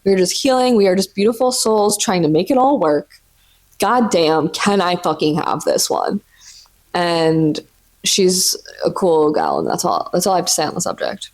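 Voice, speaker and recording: A woman's voice: on the low side, sing-song, moderate pace, a little mellow. A woman in her twenties hosting a casual solo podcast from home, chatting freely with lots of swearing and "like" fillers. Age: 20s. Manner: chatty, profane, many "like" fillers. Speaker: podcast host. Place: sitting on the floor at home.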